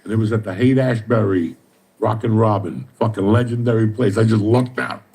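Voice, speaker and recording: A middle-aged New Jersey man tells streetwise stories in casual chat, swearing constantly and acting out dialogue. His fairly low voice is warm and husky, and he talks fairly quickly.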